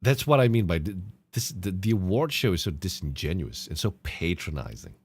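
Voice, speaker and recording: Low-voiced, animated podcast host man. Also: brisk, slightly rough. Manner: profane, animated ranting. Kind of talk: casual podcast rant.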